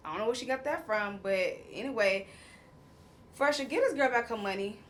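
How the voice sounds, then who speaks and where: A woman's voice: fairly high pitch, fairly quick, slight background noise. A woman, casually recapping a reality show episode, acting out quotes and laughing often. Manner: animated storyteller, acts out quotes, laughs often.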